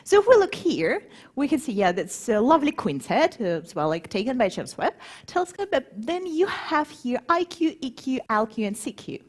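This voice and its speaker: A woman speaking to a live audience in a planetarium, lively and animated, putting questions to the crowd as she goes. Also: on the high side, normal speed. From grew up between Moscow and Warsaw. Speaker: conference speaker.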